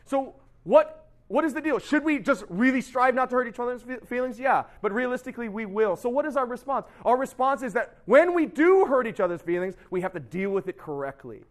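A middle-aged man preaching in a loose, conversational way. He keeps checking in with "right?" and slips into little acted quotes. His voice sits high for a man. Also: a little fast, hardly any pauses. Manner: chatty and animated, keeps asking "right?". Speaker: pastor. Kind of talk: casual sermon.

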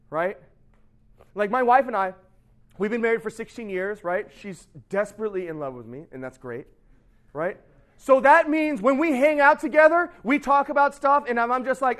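A middle-aged man preaching in a loose, conversational way. He keeps checking in with "right?" and slips into little acted quotes. His voice sits high for a man. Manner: chatty and animated, keeps asking "right?". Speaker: pastor. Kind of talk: casual sermon.

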